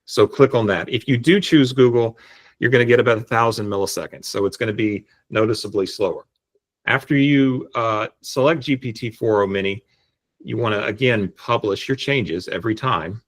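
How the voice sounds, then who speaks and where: Man, lowish voice, casual explanatory tutorial talk, video call mic. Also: normal speed. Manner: relaxed, explanatory, frequent restarts. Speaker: tutorial presenter. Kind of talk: screen-share software tutorial.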